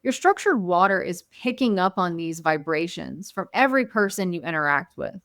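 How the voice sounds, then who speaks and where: A woman's voice: lowish voice, sing-song, normal speed, fairly bright tone, no room sound, studio quality. A woman guest on a podcast, telling personal stories in a reflective, earnest way. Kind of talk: casual conversation.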